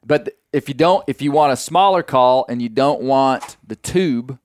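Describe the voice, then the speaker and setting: Ein Mann aus dem amerikanischen Süden moderiert einen Podcast und erzählt locker und weitschweifig, mit vielen Füllwörtern. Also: male voice, medium pitch, normal speed, dry recording, studio quality. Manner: folksy, rambling with fillers and restarts. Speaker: podcast host. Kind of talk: casual storytelling chat.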